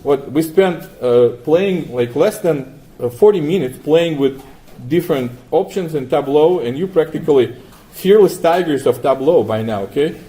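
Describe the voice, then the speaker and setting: A man teaching a class, walking through software steps and asking students questions, often adding 'right?'. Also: on the high side, expressive, normal speed. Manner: asks the class frequent questions, tags 'right?'. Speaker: lecturer. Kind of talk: classroom lecture with software demo.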